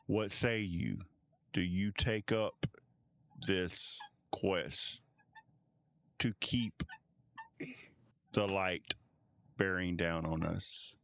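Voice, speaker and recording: A man's voice: low voice, steady tone, extremely slow, creaky, long pauses, full character voice. A man voicing a stately queen with formal, courtly speech in a tabletop game. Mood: solemn. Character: stately woman queen of a realm, formal and gracious.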